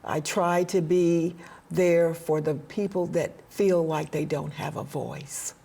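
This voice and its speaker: A woman guest in an interview, speaking earnestly about faith and helping others, with frequent hesitant pauses. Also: low-pitched, creaky, dark tone, slightly rough. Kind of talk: heartfelt conversational interview.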